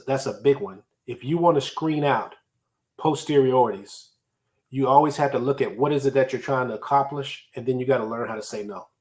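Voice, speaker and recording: A man's voice: medium pitch, a little mellow. A man hosting a solo motivational talk on time management, conversational and emphatic, repeating key phrases for effect. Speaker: podcast host teaching time management.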